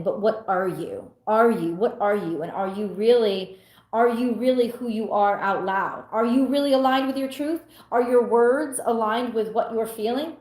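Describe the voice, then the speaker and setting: A woman's voice: on the high side, a little mellow, roomy sound. A woman tarot reader in a casual spiritual monologue, blunt and emphatic, swearing freely and firing rhetorical questions.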